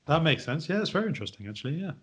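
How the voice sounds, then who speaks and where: A man's voice: fairly high pitch, very animated, rapid-fire, fairly bright tone, husky. A man guesting on a casual podcast, guessing word origins with hesitant, self-deprecating humour. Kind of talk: casual chat, guessing answers.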